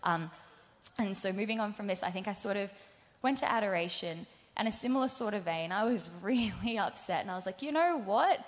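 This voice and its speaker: A young woman giving a candid, halting personal faith testimony to a live audience, full of fillers and acted-out quotes of her own past words. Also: mid-range voice. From Australia. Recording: live event hall reverb.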